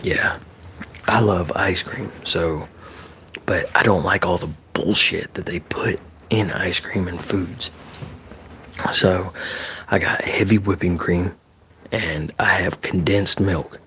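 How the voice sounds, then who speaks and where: Male ASMR streamer, very low voice, soft-spoken and close to the mic, easygoing live chat. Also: fairly even intonation, slow pace, long pauses, slight background noise. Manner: soft-spoken, drifting into whispers, loose and profane.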